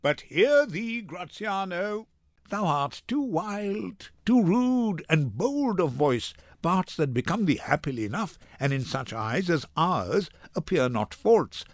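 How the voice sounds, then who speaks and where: A man's voice: sits high, sing-song, dry recording, clean studio sound, full character voice. A man reading a grave young nobleman. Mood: admonishing. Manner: grave, deliberate Shakespearean verse. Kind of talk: dramatic reading.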